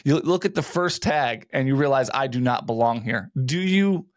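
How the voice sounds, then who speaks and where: A man's voice: mid-range voice, animated, moderate pace, no echo, clean studio sound. A man with a New Jersey accent co-hosting a podcast, teasing and laughing as he poses playful hypotheticals. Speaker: podcast co-host. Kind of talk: casual chat.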